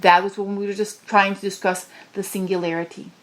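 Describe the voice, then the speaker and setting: A woman delivering a channeled spiritual message, pleading with passion and moving from low murmurs to high cries. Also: flat delivery, a little fast.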